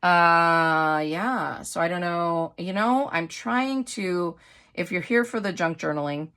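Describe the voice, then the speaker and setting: A middle-aged woman from Wisconsin talks to her viewers in a rambling, gushing way. Her is clear, and her voice sits a little low. She sounds like a casual craft-haul vlog. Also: slow pace, a bit bright. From Wisconsin, USA. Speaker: craft vlogger. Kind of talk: casual haul chat to camera.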